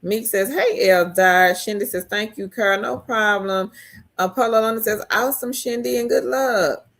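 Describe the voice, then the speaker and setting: Speaking at normal speed, a woman hosting a relaxed live stream reads viewer comments out loud and answers them chattily. Her pitch spikes high when she gets excited.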